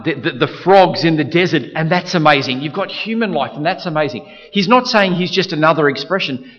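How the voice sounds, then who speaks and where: A man delivers a sermon in a fairly high voice, hammering his points home through repetition and frequent restarts. His voice carries a long reverb, as if filling a large hall, and the recording sounds a little dull. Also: fairly bright tone. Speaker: preacher.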